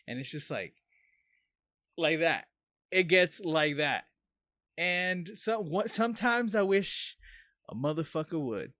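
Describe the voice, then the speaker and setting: Male podcast co-host, slightly higher voice, casual and profane, dry close-mic sound. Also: slow pace, long pauses, no room sound. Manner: profane, animated storytelling. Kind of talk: casual chat.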